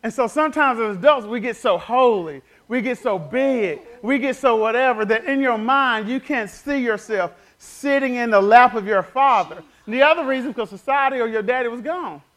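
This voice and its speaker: A man preaches in a high, ringing register. His voice is bright and pointed as he tells family stories and pulls the congregation into call-and-response. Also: normal speed, few pauses. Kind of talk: sermon.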